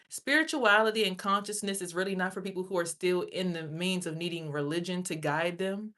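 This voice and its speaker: A woman's voice: mid-range voice, a bit bright. A woman streamer in an angry, profane rant, speaking with a confrontational edge. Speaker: livestreamer.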